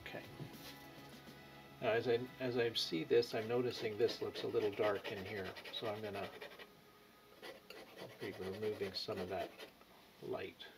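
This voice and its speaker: Painting instructor, male, low gravelly voice, relaxed thinking-aloud delivery. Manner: thinks aloud while painting, with pauses and fillers. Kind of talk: unhurried painting tutorial. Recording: music playing behind.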